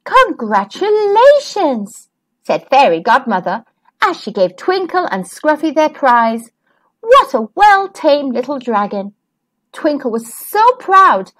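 Lady reading a kids book aloud, high lively voice, takes her time. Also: a little slow. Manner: gentle, expressive, storybook. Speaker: storyteller, channel host. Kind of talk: children's read-aloud narration.

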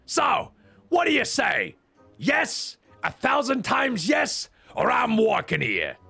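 A man doing a squeaky, prim little lady. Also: huge pitch swings, slow, creaky, bright, forceful tone, breathy edge, soft background music, full character voice. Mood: chipper. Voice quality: squeaky, strained falsetto. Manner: prim formal phrasing broken by crude outbursts. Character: small cheerful female merchant, bossy and sweet. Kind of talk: comedic game voice-over.

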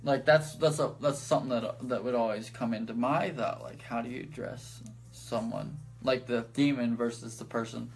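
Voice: mid-range voice, fairly even intonation, moderate pace, soft background music. Interviewer with brief, affirming replies. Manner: brief affirming responses, curious questions. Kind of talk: casual faith chat.

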